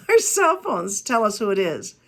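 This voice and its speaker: A woman giving a keynote talk on customer service, telling stories in a chatty, emphatic way with quick asides. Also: medium pitch, very animated, fairly bright tone. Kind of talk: lively talk to a business audience.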